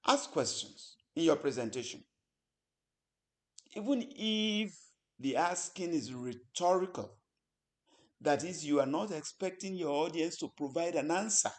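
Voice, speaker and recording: A man teaching public speaking in a lecture, talking deliberately with many pauses between short phrases. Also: a little high, darkish tone.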